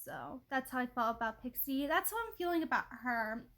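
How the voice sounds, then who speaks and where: A woman with a high, slightly bright voice hosts a casual livestream from her home, speaking briskly with lively intonation. She rambles, filling her talk with lots of "likes" and "ums," and greets viewers by name.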